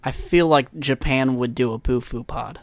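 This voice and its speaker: A man hosts a casual solo podcast and rambles along in a profane, self-mocking way. His voice sits at an ordinary middle pitch. The recording is dry and close on a USB desk microphone. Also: normal speed, no room sound. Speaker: podcast host.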